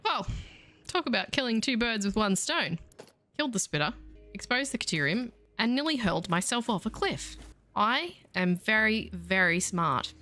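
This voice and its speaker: Her voice sits a little high and swings widely in pitch, moving at a moderate pace with a slightly bright quality. This Australian woman keeps up chatty, playful, self-mocking let's-play commentary as she streams a game, with soft music in the background.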